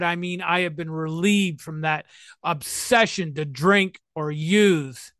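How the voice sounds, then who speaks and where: A man in his sixties with a high, bright, forceful voice, recorded dry and close. He speaks about recovery in a playful, emphatic, animated way. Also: clean tone, dry recording. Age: 60s. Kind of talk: talk to listeners on recovery.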